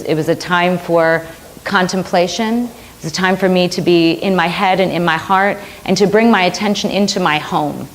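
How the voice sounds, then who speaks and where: A middle-aged woman minister giving a sermon, telling a personal story earnestly and repeating phrases for emphasis. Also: fairly low pitch.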